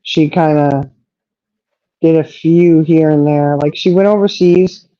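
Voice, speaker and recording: Rambling middle-aged woman, mellow and dry. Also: low voice, fairly even intonation, a little slow, dry recording, lo-fi sound. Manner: rambling, chatty, trailing off. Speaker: livestream co-host. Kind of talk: casual chat.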